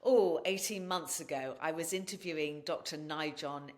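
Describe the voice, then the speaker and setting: A woman speaking as a podcast guest, with a voice sitting a little low for a woman. She tells her story with blunt, animated candor and swears without hesitation. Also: normal speed. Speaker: podcast guest and wellness practitioner. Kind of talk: candid interview storytelling.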